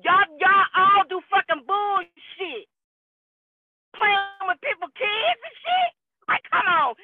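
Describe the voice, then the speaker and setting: A man's voice: very high voice, heavy background noise. A man calling in to a live stream, ranting profanely and indignantly in a heated, repetitive way. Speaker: caller. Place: in a car. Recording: tinny phone line.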